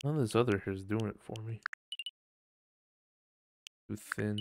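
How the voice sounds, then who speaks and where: Gravelly-voiced guy rambling thru a live game stream, mid pitch, faint hiss behind. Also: a little slow, pauses often. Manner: chatty, thinks aloud while playing. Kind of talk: casual live-stream commentary.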